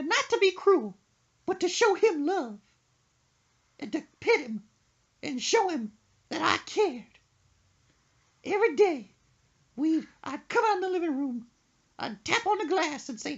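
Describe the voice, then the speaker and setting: A woman voicing a grief-stricken woman who sobs and wails over her dead pet fish, with a high, sing-song delivery. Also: fairly bright tone, lo-fi sound, heavily acted. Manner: wailing, sobbing and singing in a high voice.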